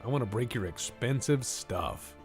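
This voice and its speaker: A man's voice: mid-range voice, lively intonation, moderate pace, faint music behind. A man streaming a naval strategy game, giving playful, rambling commentary with jokey asides to his chat. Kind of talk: casual live-stream commentary.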